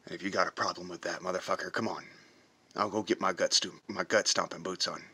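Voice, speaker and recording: A man in a profane, confrontational patriotic rant for a reaction video, hammering his points with slow drawn-out stresses. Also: low voice, steady tone, bright, forceful tone, breathy edge. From United States. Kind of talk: heated patriotic rant to camera.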